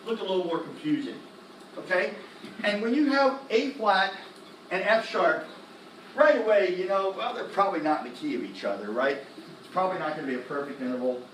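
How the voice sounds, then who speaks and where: A man teaching music theory in a classroom lecture, animated, firing quick questions at the students and tossing in slang. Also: sits high, a little hiss or hum. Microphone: laptop recording the lecture. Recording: echoey classroom from a distance.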